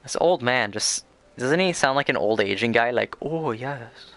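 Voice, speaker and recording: A man's voice: mid-range voice, animated, moderate pace, a bit bright, faint music behind. A man streaming a game, talking casually in a rambling, crude, opinionated way with lots of fillers. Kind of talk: casual chat over gameplay.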